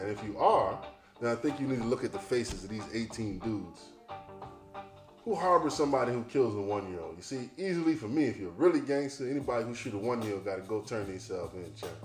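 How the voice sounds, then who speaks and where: A man's voice: lowish voice, darkish tone. Man ranting over headlines, profane, sardonic, roomy echo, faint music underneath. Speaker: podcast host. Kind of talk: ranting commentary on news headlines.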